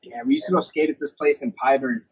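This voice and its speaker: A young man, hosting a podcast and telling stories from his youth in a casual, animated way. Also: on the high side, fast, gravelly, husky, low-quality recording. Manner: animated storyteller, acts out quoted lines loudly. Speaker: podcast host. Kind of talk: casual storytelling chat.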